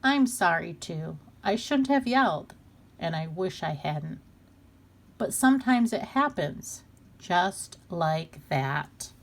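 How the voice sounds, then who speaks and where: A woman reading a storybook voices a patient mother who gently pleads with her child instead of yelling. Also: lowish voice, lively intonation, takes it slowly, creaky, a little hiss or hum, full character voice. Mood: apologetic.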